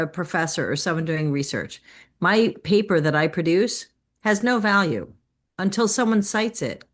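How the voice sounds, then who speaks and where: Low-voiced woman with a cold. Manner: thoughtful, builds her point with examples. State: has a cold, clearing her throat. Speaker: class participant.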